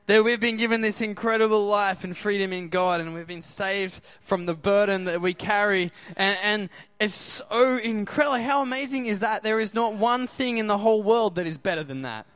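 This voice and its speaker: A man's voice: high-pitched, moderate pace, few pauses, a bit bright, clean tone, dry recording. A man preaching a sermon in an upbeat way, often asking the crowd questions.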